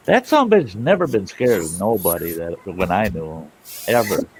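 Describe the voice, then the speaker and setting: Deep-voiced folksy storytelling man. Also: very animated, a little fast, a little mellow, slight background noise, poor audio. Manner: folksy, rambling, salty-tongued. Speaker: storytelling show host. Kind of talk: casual spoken storytelling.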